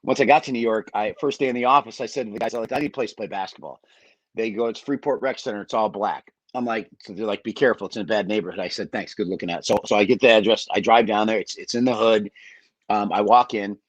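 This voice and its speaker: A middle-aged man from Michigan with a lowish voice tells stories on a sports podcast. He plays out each quote and swears freely, and the sound is close and dry. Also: fast talker, no echo. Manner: animated storyteller, acts out quotes, swears freely. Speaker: guest.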